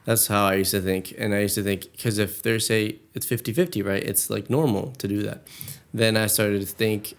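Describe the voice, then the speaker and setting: A man's voice: lowish voice, steady tone, moderate pace. A young man co-hosting a podcast in casual chat, talking earnestly and at length, and acting out quoted lines in a raised voice. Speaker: podcast co-host.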